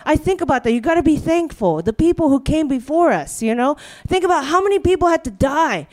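High-voiced woman comedian hosting a show. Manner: rambling, riffing, full of "you know". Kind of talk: stand-up monologue and live show hosting. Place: stage before a live audience.

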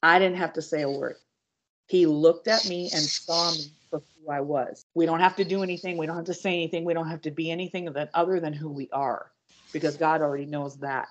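A woman guest on a podcast, earnestly telling her personal story with halting restarts and speaking straight to her listeners. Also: sits low, steady tone, slight background noise. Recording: dull lo-fi audio.

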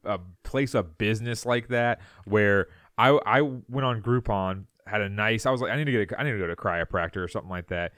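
A young man co-hosting a podcast, talking casually in halting bursts with repeated words. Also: lowish voice, a bit bright, no echo, clean studio sound. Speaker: podcast co-host. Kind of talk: casual chat.

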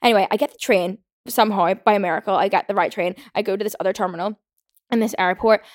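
Fast-talking young woman ranting. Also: mid-range voice, dry recording, studio quality. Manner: fast chatty storytelling with frequent swearing and fillers. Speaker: podcast host. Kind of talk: casual solo rant.

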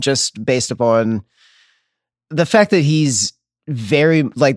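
A man talks loosely as a podcast guest, trailing into fillers and breaking into laughs. His voice sits at a middling pitch. The recording is dry and close. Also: dry recording. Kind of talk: casual chat.

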